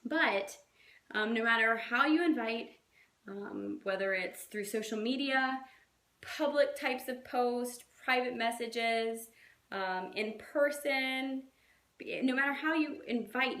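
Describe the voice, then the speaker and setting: A woman's voice: a little high, slow pace, a bit bright, roomy sound. A woman coaching her team in a casual, chatty way, full of fillers and little acted-out quotes. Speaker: fitness coach.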